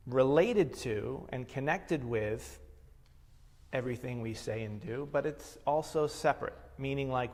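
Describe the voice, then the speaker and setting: A man teaching a meditation lesson, explaining slowly and reflectively. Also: medium pitch. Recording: long hall reverb.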